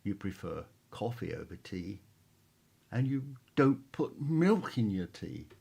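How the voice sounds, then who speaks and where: A refined English gentleman, as a man puts him on speaks primly and drily with an English accent. His delivery is slow and measured, and each word is placed with care. The voice stays close to the performer's own natural pitch. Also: sing-song, vocal fry, husky, exaggerated voice. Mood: dry. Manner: prim, dry and measured. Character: refined, well-dressed English gentleman, dry and cutting.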